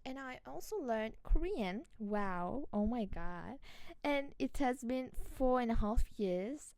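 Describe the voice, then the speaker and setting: A woman's voice: a little high, a little mellow. A woman from Türkiye with a Turkish accent, a podcast host chatting casually on her own, giggly and chatty, often restarting words. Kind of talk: casual solo chat.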